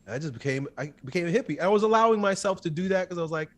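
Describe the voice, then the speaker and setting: An interview guest in his thirties tells a personal story intensely and emphatically, speaking in quick bursts. His voice is high-pitched, expressive, and a bit bright.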